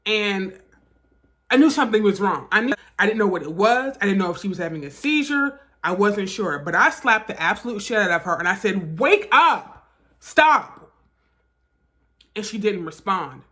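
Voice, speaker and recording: A woman vlogger telling a personal story in a casual storytime style, animated, profane and emphatic. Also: medium pitch, a little fast.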